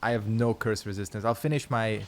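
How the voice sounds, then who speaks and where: A man's voice: lowish voice, steady tone, a little fast, slight background noise. A man chatting casually while streaming a game, rambling and swearing freely. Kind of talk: casual gameplay commentary.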